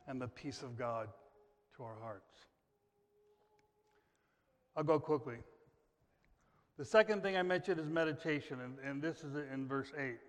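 American pastor preaching in a reverberant church. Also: male voice, a little high. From United States. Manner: emphatic preaching with repetition and sudden loud rises. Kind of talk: sermon. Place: church sanctuary. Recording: long hall reverb.

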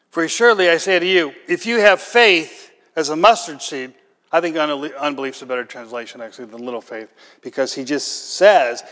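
A man's voice: fairly high pitch, a bit bright, big-room sound. A man preaching a sermon as pastor, talking conversationally with rhetorical questions and building to emphatic peaks.

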